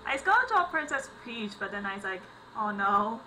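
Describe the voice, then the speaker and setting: On a poor-quality home recording with mains hum, a young woman with a mid-range voice talks a little fast through excitable let's-play commentary for her gaming channel, with sudden yelps and laughs.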